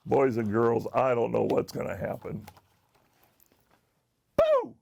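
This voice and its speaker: A man's voice: mid-range voice, fairly even intonation, moderate pace, vocal fry, a little mellow. A man reading a picture book aloud to children, pointing out the pictures as he goes. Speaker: storyteller.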